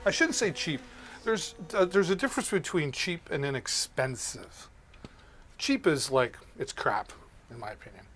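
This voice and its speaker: Upbeat man hosting a stream. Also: fairly high pitch. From Canada. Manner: upbeat, chatty, greets viewers by name. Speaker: live-stream shopping host. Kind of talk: live-stream product demo and viewer chat.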